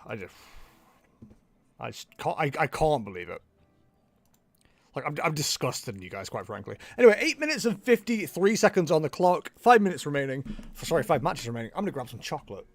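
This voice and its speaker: A man's voice: fairly high pitch, very animated, brisk, long pauses. A man casually chatting to his stream from home, teasing his viewers with playful mock outrage. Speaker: livestream tournament commentator.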